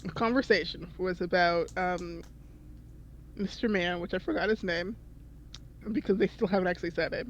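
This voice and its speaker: A woman's voice: fairly low pitch, moderate pace, pauses often, dull audio, slight background noise. A woman chatting casually who laughs often and trails off while searching for words. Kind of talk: casual group chat.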